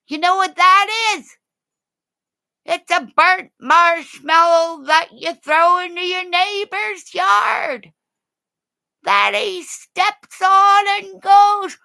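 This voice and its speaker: A woman ranting in a rambling, profane livestream, swinging between low growling threats and high shouting. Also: slow, long pauses.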